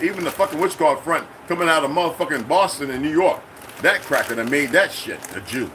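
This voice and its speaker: A man's voice: fairly high pitch, lively intonation, fast talker, sharp tone, a little hiss or hum. A middle-aged man hosting his own channel, ranting unscripted, profane and confrontational. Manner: mimics other people in quoted exchanges. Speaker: channel host. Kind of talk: unscripted political rant.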